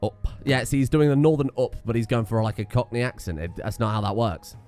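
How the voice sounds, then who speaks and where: A British man streaming a game, full of sarcastic asides and casual swearing. His pitch jumps all over the place while he rants, over faint game music. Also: animated, fast, a little mellow. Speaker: gaming streamer. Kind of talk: casual let's-play commentary.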